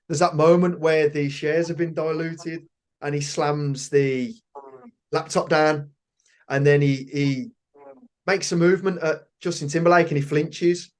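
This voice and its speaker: A British man with a fairly high, darkish voice hosts a podcast interview in a casual chatty style. He talks enthusiastically and repeats phrases for emphasis.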